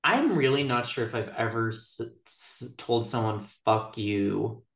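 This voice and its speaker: A woman's voice: extremely low pitch, big pitch swings, normal speed. A woman co-hosting a podcast in casual chat, talking loosely and filling her sentences with "like". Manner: chatty, leans on "like" as a filler. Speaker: podcast co-host. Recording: echoey room.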